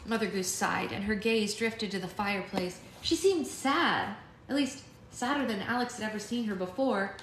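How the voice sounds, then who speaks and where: A woman reading a novel aloud in a steady storybook narration as host of a live book club. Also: mid-range voice, moderate pace. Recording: echoey room with faint hiss.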